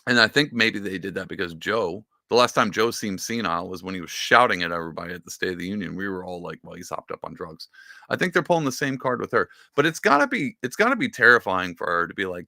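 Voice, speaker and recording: A man's voice: sits low, lively intonation, fast, creaky, pushed and bright, no room sound, clean studio sound. A man hosting a podcast, giving casual, rambling political commentary with sarcastic asides. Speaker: podcast host.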